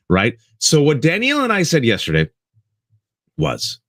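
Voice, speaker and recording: A man's voice: fairly high pitch, wildly swooping pitch, moderate pace, no echo, studio quality. A man co-hosting a live political talk show, giving impassioned commentary and addressing listeners as folks, repeating lines for emphasis. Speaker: co-host.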